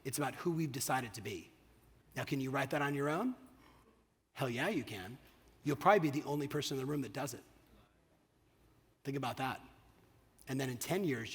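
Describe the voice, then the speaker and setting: Middle-aged guy hyping a crowd from the stage, swears a lot, kinda husky, echoey hall. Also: mid-range voice. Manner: energetic, profane, asks the crowd "you with me?". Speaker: keynote speaker. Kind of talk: motivational keynote speech. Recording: long hall reverb.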